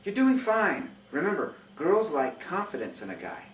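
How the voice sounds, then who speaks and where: A man's voice: high voice, wildly swooping pitch, normal speed, fairly bright tone, pitched above the performer's own voice, exaggerated voice. A man voicing a kind teenage girl classmate who reassures and encourages, in a recording with a roomy, distant sound and faint hiss. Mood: reassuring. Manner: reassuring, upbeat.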